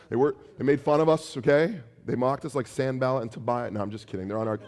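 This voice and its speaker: A man's voice: medium pitch, fast, hardly any pauses. Man preaching a sermon in a reverberant hall. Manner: animated, acts out taunts in a raised voice. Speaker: pastor.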